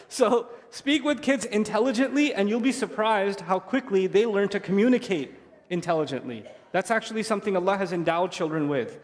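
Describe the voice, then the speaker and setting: A man with a notably high voice delivers a lecture to parents, slipping into short stories and imitating a child's questions. His voice rings out with a long reverb, as in a big hall. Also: brisk. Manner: lively storytelling, acts out a child's voice. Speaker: Islamic speaker.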